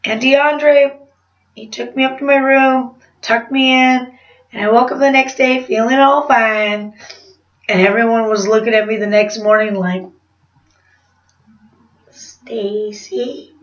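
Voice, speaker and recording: A woman vlogger telling a rambling confessional story in a chatty way, laughing at herself. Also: high-pitched. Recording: roomy, distant, slightly dull sound.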